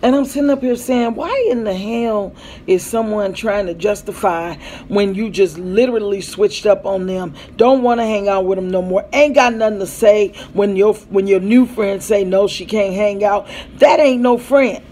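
A woman's voice: medium pitch, moderate pace, mellow, rough recording. A woman in her thirties at home, telling a rambling story in a casual vlog and acting out the dialogue. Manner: rambling, acts out quoted dialogue, breaks off to call to her kids. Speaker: mother vlogging about family life. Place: at home with children around.

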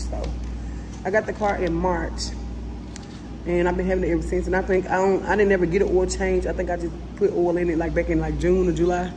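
A woman, vlogging casually and talking effusively straight to her viewers. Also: on the low side. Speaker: family vlogger. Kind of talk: casual vlog to camera. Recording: echoey room with noise.

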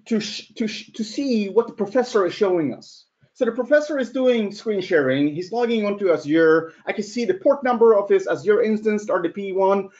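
A man telling a story in a conference talk, animated and acting out quotes. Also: high voice. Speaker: security presenter. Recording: dull lo-fi sound.

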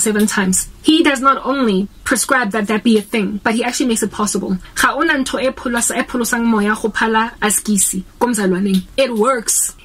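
A woman's voice: on the high side, husky. A young South African woman with a South African accent, preaching earnestly in a casual vlog and switching between English and Sesotho as she talks. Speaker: Christian vlogger.

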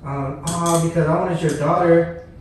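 A young man co-hosting a podcast, telling animated stories with crude jokes in casual chat. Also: fairly high pitch, a little slow. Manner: animated storytelling with crude joking. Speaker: podcast co-host. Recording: roomy echo, distant mic, crowd noise.

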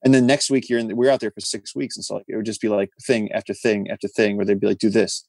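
A man with a lowish voice tells stories as a podcast guest. He is animated and wry, slipping into other people's voices as he tells them. The recording is dry and close-miked. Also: fast talker, creaky, no echo. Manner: animated, wry storyteller acting out quoted voices. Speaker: conservationist guest. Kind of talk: storytelling in a casual interview.

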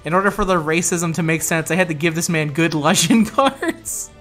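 A man with a fairly high voice hosts a casual gaming commentary, reading a card game story aloud and reacting as he goes. He laughs easily, jokes and swears freely, and faint music plays under his voice. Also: normal speed, a bit bright. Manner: laughing, joking and swearing while reading along.

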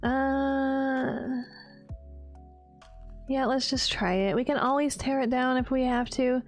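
A woman's voice: high voice, fairly even intonation, takes it slowly, soft background music. A young woman chatting casually and sarcastically while playing a game, laughing often and mocking herself. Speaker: gaming video creator. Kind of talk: casual gameplay commentary.

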